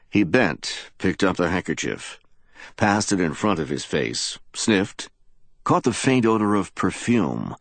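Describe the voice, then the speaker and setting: A man's voice: sits low, dry recording. A man narrating a hard-boiled crime story, giving each character a voice. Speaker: audiobook narrator. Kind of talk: dramatic audiobook reading.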